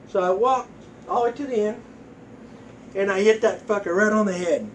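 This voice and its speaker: A man's voice: sits high, brisk, fairly bright tone, far from the mic, slight background noise, poor audio. A man in his sixties telling crude, profane jokes in a folksy storytelling way, acting out voices.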